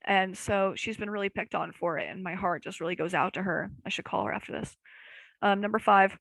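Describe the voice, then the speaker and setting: Casual young woman podcast host, rambling and self-deprecating, gravelly voice, dry close sound. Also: mid-range voice, steady tone, brisk, fairly bright tone, no echo, rough recording. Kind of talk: casual chat.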